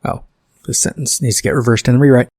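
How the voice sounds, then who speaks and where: A man's voice: mid-range voice, fairly even intonation, quick pace, creaky, darkish tone, slightly rough, no echo, studio quality. A man hosting a podcast, reading his own screenplay and rambling through self-correcting asides about it. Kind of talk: casual podcast commentary on his own script.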